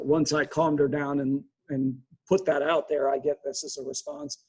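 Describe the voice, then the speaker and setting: A man, a real estate agent, bluntly retelling a tense client call in a casual monologue, with quick restarts. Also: a little high, level tone, a little mellow, slightly rough, rough recording.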